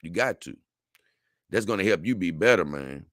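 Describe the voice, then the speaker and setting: A man's voice: low voice, animated, normal speed, a bit bright, no echo, studio quality. A middle-aged man hosting a casual talk show, answering viewer comments in a rambling way and often stammering as he restarts his words. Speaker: show host.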